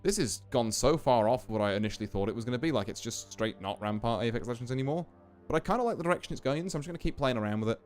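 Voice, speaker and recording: A man's voice: mid-range voice, expressive, racing, darkish tone. A man streaming a game, chatting casually to viewers in a rambling, self-interrupting way over faint music. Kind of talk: casual live commentary.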